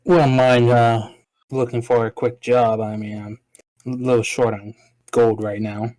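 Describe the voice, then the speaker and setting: A man's voice: medium pitch, level tone, measured pace, darkish tone, no echo. A man plays a tabletop game and chats in a casual, joking way. His voice sits mid-range for a man. It is recorded close, with no room sound. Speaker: player. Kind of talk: casual chat.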